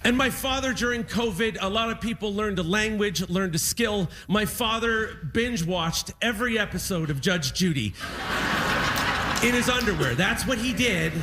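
A man telling animated stand-up stories, often laughing at his own punchlines. His voice sits high. Clear background noise runs under the recording. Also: normal speed, hardly any pauses. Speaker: stand-up comedian. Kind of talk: stand-up storytelling. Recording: noisy recording.

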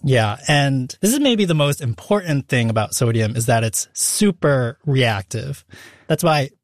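A man hosting a casual science show, explaining facts in a relaxed, chatty way. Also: mid-range voice, a little slow, no room sound, clean studio sound. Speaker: podcast host.

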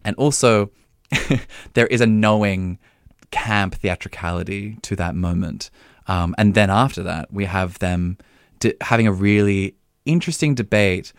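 A man with a very low voice talks through a play he reviewed, lively and quick with plenty of laughs. His voice sits close and dry on the mic, with no room sound around it. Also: clean tone, dry recording. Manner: animated, quick, laughs often, many fillers. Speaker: podcast co-host, theatre critic. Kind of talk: casual review chat.

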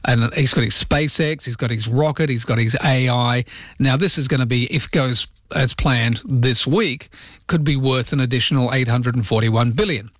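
Chatty radio host. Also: male voice, medium pitch, moderate pace, a bit bright, dry recording, studio quality. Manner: rambling, jokey and chatty. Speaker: radio talk show host. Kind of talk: casual radio chat.

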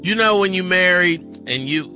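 A man's voice: sits high, expressive, normal speed, over music. A man co-hosting a morning radio show, joking playfully with a church-style cadence. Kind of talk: casual morning radio banter.

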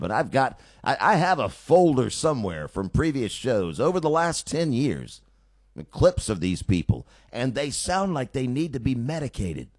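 A male talk radio host delivers a sarcastic, opinionated monologue. His pitch moves in a lively way. The studio sound is close and dry. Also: no room sound. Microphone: studio mic.

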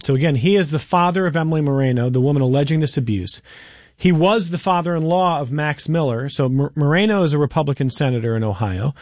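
A man's voice: a little high, a little mellow, dry recording, studio quality. Conversational male talk-show host. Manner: conversational, setting up questions.

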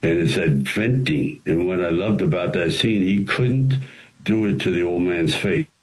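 A man, an actor and screenwriter, telling studio stories as an interview guest in an animated way, with frequent restarts. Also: low voice, a little slow, low-quality recording. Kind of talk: anecdotal storytelling.

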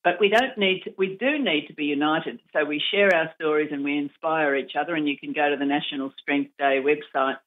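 A woman's voice: low-pitched, fairly quick, hardly any pauses. A woman, founder of an advocacy group, speaking in an earnest, encouraging way and giving direct advice in a radio interview. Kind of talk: radio interview over the phone. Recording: tinny phone line.

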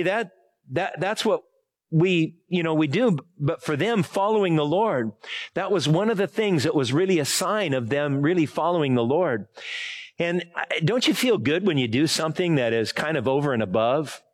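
A man in middle age delivers a sermon as a casual story, his voice a touch higher than most men's. He rambles, corrects himself mid-sentence and asks the congregation to fill in words. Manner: rambling, self-correcting, asks the audience for help. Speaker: pastor. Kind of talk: conversational sermon with a personal story.

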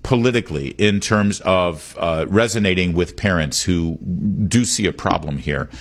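A man with a very low voice hosts a talk radio program from the studio. He delivers an opinionated, emphatic monologue and keeps returning to the call-in number to invite listeners to phone in. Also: normal speed. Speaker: radio talk show host. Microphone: studio microphone.

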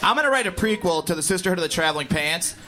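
A man from Indiana doing stand-up, telling a club story with animated delivery and shouted impressions. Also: high voice, very fast. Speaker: stand-up comedian. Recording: live club set with crowd noise.

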